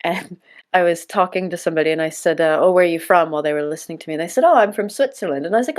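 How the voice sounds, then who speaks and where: A woman's voice: fairly low pitch, rapid-fire. A woman hosting a casual gaming podcast, joking, swearing freely and laughing often. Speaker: podcast host.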